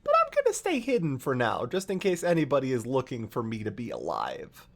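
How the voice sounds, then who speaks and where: A streamer voicing a scheming, returned-from-death queen who speaks in a hushed, offhand murmur. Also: mid-range voice, wildly swooping pitch, a little fast, vocal fry, exaggerated voice. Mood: sly. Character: cool, scheming undead queen, woman.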